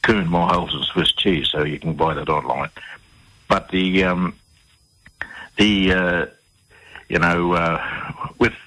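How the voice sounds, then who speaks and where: Aussie bloke telling a story as a radio guest, deep voice, keeps stopping and restarting with lots of um and uh. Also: male voice, steady tone, sharp tone, poor audio. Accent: Australian. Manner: halting, full of fillers and repeated restarts. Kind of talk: casual storytelling in an interview.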